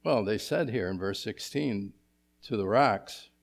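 A man preaching an expository sermon as pastor, asking his congregation rhetorical questions and moving between emphatic and hushed delivery. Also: on the low side, a little slow, creaky.

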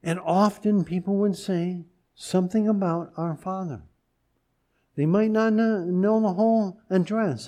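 A man preaching a sermon as pastor, speaking gently and deliberately with pauses and restarts. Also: high voice, steady tone.

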